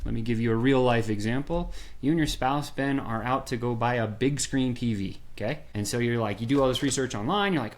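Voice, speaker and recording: A man guest on a podcast, explaining a sales method with lively storytelling and quick bursts of acted-out dialogue. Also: medium pitch. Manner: animated storyteller, acts out quoted voices. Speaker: podcast guest, software founder. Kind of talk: energetic sales pitch in conversation.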